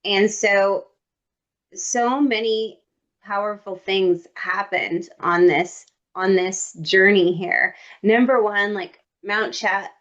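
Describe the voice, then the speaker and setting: A woman co-hosting a podcast, telling stories in a lively, comic, casual way with playful asides. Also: medium pitch, slow pace, lo-fi sound. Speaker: podcast co-host. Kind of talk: casual storytelling chat.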